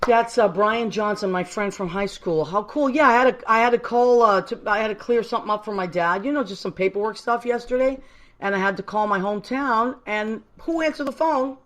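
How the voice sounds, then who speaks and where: A woman from Massachusetts with a medium-pitched voice talks fairly quickly. Hosting a live call-in show, she's chatty, effusive, and affectionate, rambling a bit along the way.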